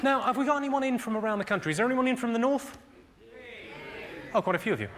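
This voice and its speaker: Fast, crude stand-up comic. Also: male voice, very high-pitched, animated. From England. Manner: dry, crude, teasing the audience. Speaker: stand-up comedian. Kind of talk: stand-up comedy with crowd work. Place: comedy venue on stage. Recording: live show with loud crowd noise.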